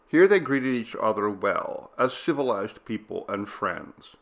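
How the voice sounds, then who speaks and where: A man narrating a classic story, measured and expressive. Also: on the low side, vocal fry. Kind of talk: audiobook reading of a classic story.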